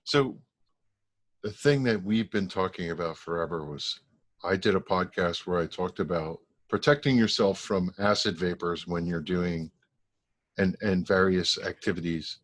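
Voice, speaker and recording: A man's voice: low voice, unhurried, fairly bright tone. A man hosting a podcast in a casual chat, joking and laughing easily. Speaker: podcast host.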